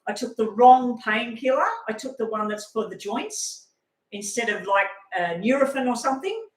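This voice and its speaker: A middle-aged woman talks casually on a home live stream, rambling from one point to the next and acting out bits of her story. Her voice sits a little high, and the room around her is echoey. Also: normal speed. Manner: rambling, animated storytelling with acted-out quotes. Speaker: live-stream tarot reader.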